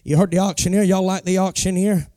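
A man's voice: high voice, fairly even intonation, quick pace, mellow, dry recording, studio quality. A middle-aged man, a pastor telling a folksy story as a sermon testimony. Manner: folksy storytelling with homespun sayings.

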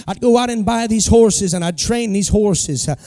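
A man's voice: high-pitched, moderate pace, mellow, no echo, studio quality. A middle-aged man, a pastor telling a folksy story as a sermon testimony. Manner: folksy storytelling with homespun sayings.

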